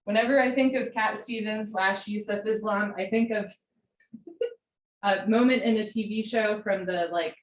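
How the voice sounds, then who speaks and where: A woman guides a home yoga class, calling out postures in a calm, encouraging way and drifting into friendly chat between sets. Her voice sits at an ordinary middle pitch. The room around her sounds roomy, with a faint hum of ambience. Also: unhurried. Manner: calm, encouraging cues with chatty asides. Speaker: yoga instructor. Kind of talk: live-streamed yoga class instruction.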